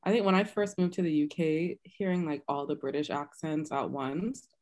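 A woman's voice: low voice, steady tone, normal speed, a little mellow. A young woman with a Canadian-tinged Bahamian accent who thinks aloud in a reflective, chatty way. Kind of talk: casual chat.

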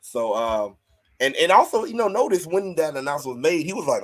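Male podcast co-host, lively swinging pitch, loose and profane, laughs easily. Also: brisk. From US West Coast. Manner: animated, swears freely, laughs often, slips into mock rants. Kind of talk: casual chat.

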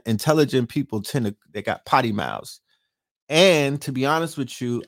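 A late-night livestream host with a mid-range voice and vocal fry unleashes brash, profane trash talk and keeps tossing rhetorical questions and asides at his viewers. It's recorded at studio quality with no echo.

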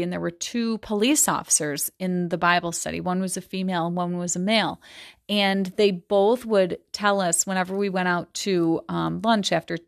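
A fairly low-pitched woman in her thirties reads a classic novel aloud, then breaks off into chatty asides full of ums and likes. The sound is dry and close, with no room around her. It feels like a relaxed book-study podcast. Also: dry recording. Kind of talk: reading aloud with casual commentary.

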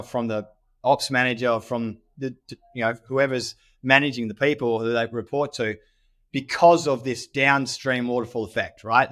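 An Australian man hosts a podcast and coaches business owners in a persuasive, direct way. His voice sits in an ordinary middle pitch, and he talks steadily and casually. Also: fairly bright tone.

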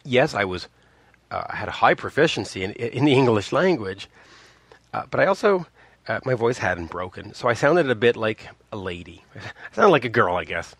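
A low, gravelly male voice, recorded close and dry, with no room sound. He is a man in his fifties from Montreal, telling a personal story casually. He rambles and restarts, and jumps sharply in pitch whenever he imitates someone he quotes. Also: sing-song, moderate pace, fairly bright tone, no echo. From Montreal, Canada. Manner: rambling, with many restarts and asides; acts out quoted people with big pitch jumps.

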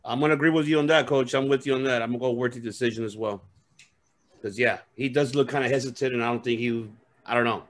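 A man's voice: medium pitch, steady tone, fast talker. A man hosting a casual fight-picks chat, agreeing easily and handing off the turns. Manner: easygoing, agreeable, hands off the turns. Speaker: podcast host running the segments.

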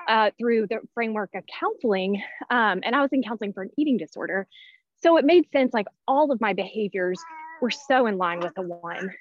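Her voice is a little high and there's no echo. A thirty-something personality-type teacher guesting on a podcast, she sounds breathless and talks casually, full of fillers and restarts, over a dull, dry lo-fi recording.

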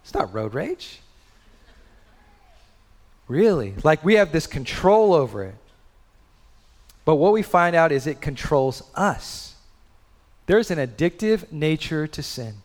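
A man's voice: a little high, sing-song, takes it slowly, pauses often, in a large hall. A man in his thirties preaching a sermon in a conversational way, full of rhetorical questions. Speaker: pastor.

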